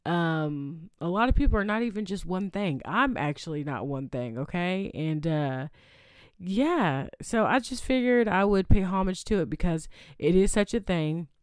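Smooth-voiced chatty woman podcaster. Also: fairly low pitch, lively intonation, normal speed, dry recording, clean studio sound. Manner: chatty, adds "okay?" tag questions. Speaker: podcast host. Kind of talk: casual solo podcast chat.

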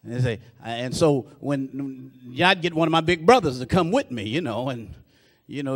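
A man preaching a sermon, often breaking in with "praise God", getting louder and slower on key lines and dropping low and soft for asides. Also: lively intonation, long reverb tail. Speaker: pastor.

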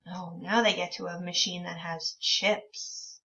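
A woman teacher leading a reading lesson for young children, encouraging them and reading words out very slowly. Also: fairly low pitch, fairly even intonation, pushed and bright, distant mic. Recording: dull lo-fi sound from a bit away from the mic.

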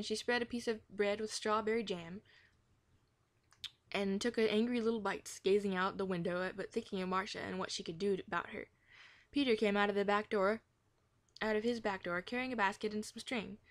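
A woman reading a children's chapter book aloud in a gentle manner, now and then correcting herself. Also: mid-range voice, steady tone, a little fast. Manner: gentle, with occasional self-corrections. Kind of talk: storybook read-aloud.

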